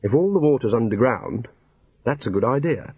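A man's voice: mid-range voice, expressive, moderate pace, a little mellow, husky, no room sound. A man voicing a cowardly, hapless wizard who mumbles and mutters grumpily. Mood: grumbling. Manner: mumbling, muttering, put-upon. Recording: dull lo-fi recording.

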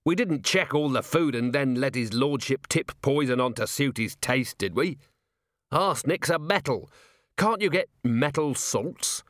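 A hard-driving veteran watch commander, as a male narrator plays him, who thinks aloud in brisk bursts and keeps firing probing questions. His voice sits a little above the narrator's own and is read close and dry. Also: medium pitch, lively intonation, fairly bright tone, no room sound, pitched above the performer's own voice. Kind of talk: audiobook character voice.

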